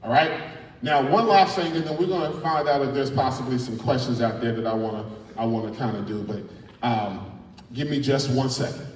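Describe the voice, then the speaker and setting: A middle-aged man, a spoken word artist giving a lively, playful workshop talk to students in a large school hall. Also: medium pitch, fairly quick. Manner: animated and playful, coaching the crowd. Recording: echoey hall from far off.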